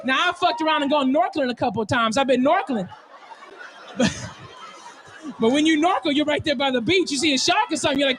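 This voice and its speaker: A male stand-up comedian telling a story, excitable and profane, often laughing at his own jokes. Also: extremely high pitch, a little fast, pauses often, some chatter behind, slight background noise.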